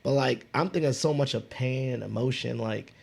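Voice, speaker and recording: A man's voice: medium pitch, moderate pace, creaky. A man hosting a podcast, thinking aloud in casual conversation with many restarts. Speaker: podcast host.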